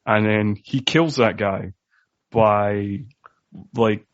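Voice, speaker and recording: A man's voice: fairly low pitch, very slow, dry recording. Guy cohosting a movie podcast, rambly, lots of ums, muffled dry mic. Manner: rambling, many fillers and restarts. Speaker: podcast co-host. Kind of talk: casual movie podcast chat. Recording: dull dry home recording.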